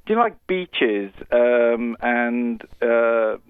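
A man's voice: mid-range voice, animated, slow, clear, resonant tone, no room sound. A Welsh film director, a man, chatting in a self-deprecating way as a radio guest on the phone, laughing often. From Wales. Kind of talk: casual radio interview over the phone. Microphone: phone call. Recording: muffled phone line, dry.

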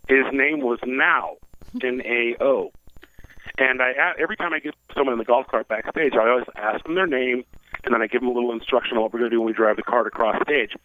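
Fast-talking man on a tinny phone line. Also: medium pitch, no room sound. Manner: quick anecdotal storytelling, acts out quoted dialogue. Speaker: guest telling a backstage story. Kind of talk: casual chat. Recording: tinny phone-line sound with faint noise.

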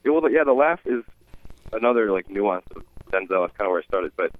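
A man who does impressions, as a guest on a radio show, talking easygoing and halting by phone. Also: lowish voice, animated, no room sound. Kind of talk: casual radio interview. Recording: tinny phone line.

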